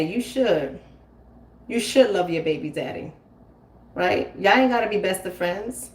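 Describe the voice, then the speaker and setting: A woman's voice: medium pitch, expressive, moderate pace, pauses often. Emphatic, preachy woman, far from the mic. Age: 40s. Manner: preachy, emphatic, repeats phrases. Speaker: commentary host. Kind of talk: casual live-stream talk. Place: home. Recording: roomy, from a distance.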